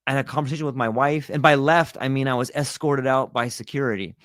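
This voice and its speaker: A man's voice: mid-range voice, steady tone, fast talker, a bit bright, no echo, studio quality. A middle-aged man telling a personal story in a candid, casual way, swearing freely and laughing often. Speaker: guest.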